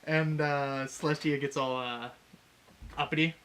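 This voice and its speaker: Brief: male co-host, bright and somewhat high voice, laughing, profane, acts out quotes in casual chat. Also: fairly even intonation, a little slow, a little hiss or hum. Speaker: podcast co-host. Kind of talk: casual chat retelling a fanfic.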